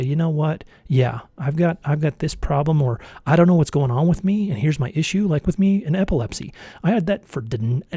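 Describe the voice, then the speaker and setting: A man's voice: on the high side, mellow, no room sound, clean studio sound. A man vlogging a casual motivational monologue, earnest and rambling, often correcting himself mid-sentence.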